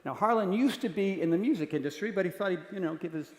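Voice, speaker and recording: A man giving a talk to an audience, telling jokey stories in an animated way and acting out voices. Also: sits high, fast. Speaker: keynote speaker. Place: large conference hall. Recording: echoey hall with long reverb.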